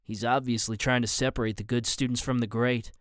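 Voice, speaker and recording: A man's voice: mid-range voice, level tone, brisk, clear, resonant tone, dry recording, clean studio sound, lightly acted. A man voicing a smug teenage boy student in an audiobook, talking like a know-it-all.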